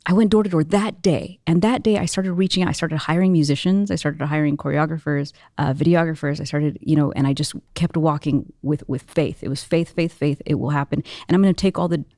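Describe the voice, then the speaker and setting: A young adult woman recounting her story as an interview guest, her voice dry and close with little room sound. She talks in a lively, quick rush of fillers and restarts, swinging her pitch up when she acts out scenes. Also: no room sound. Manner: animated, fast storytelling with many fillers. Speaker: guest entrepreneur and musician.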